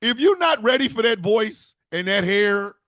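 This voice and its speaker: A man's voice: high voice, expressive, moderate pace, a bit bright, no echo, clean studio sound. A man hosting a casual stream, talking emphatically, swearing and laughing often. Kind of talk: casual livestream chat.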